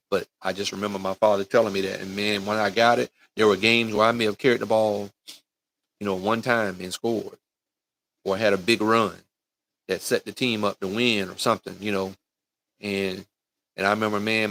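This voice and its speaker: A man's voice: fairly low pitch, level tone, normal speed, creaky, a bit bright, a little hiss or hum. A middle-aged man, a youth football coach, giving a folksy motivational talk on a livestream, talking straight to parents and kids. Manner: folksy, preachy, addresses parents and kids directly with lots of "right?" and "man". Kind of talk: live-streamed motivational talk.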